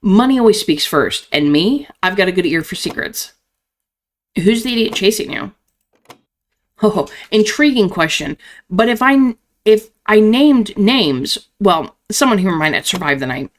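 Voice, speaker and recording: A woman's voice: mid-range voice, lively intonation, a little slow, natural voice. A woman voicing a smug, scheming accountant man. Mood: sly. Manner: smug, teasing, theatrical.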